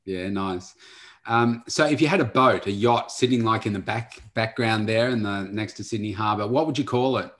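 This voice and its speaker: A male podcast host in a casual chat, asking quick-fire questions. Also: lowish voice, a bit bright.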